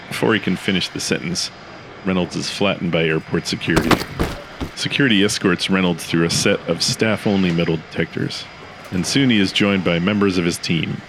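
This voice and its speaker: Deep, deadpan male narrator. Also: noisy background.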